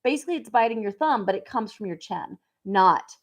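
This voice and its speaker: A woman talks through a lesson in an easygoing, conversational way. She is relaxed and chatty and often uses filler words as she explains. Her voice sits at an ordinary, middle pitch for a woman. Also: brisk. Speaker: teacher. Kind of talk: casual instruction.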